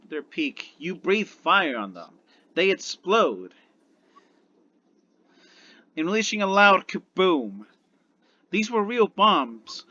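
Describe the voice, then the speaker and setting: A man's voice: fairly high pitch, pushed and bright, dry recording, highs cut off. A man narrating a tabletop game as game master, rambling and correcting himself as he goes.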